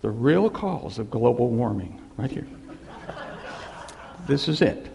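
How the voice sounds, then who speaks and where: A man preaching a sermon, telling a story in an animated way and repeating key phrases. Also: mid-range voice, slow, vocal fry, big-room sound, a little hiss or hum.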